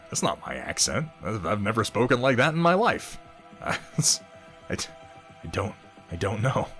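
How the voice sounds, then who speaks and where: Lively low-voiced man streaming. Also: unhurried, pauses often, faint music behind. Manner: rambling, swears casually, reads chat aloud. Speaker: streamer painting miniatures. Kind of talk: casual live-stream chat.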